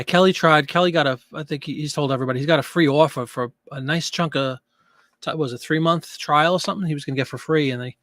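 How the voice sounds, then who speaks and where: A chatty man hosting a live stream, his speaking voice sitting a little higher than most men's. He reads out viewer comments and answers them in a loose, conversational way. The sound is close and dry, with no room echo. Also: a bit bright. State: out of breath. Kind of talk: casual live chat with viewers.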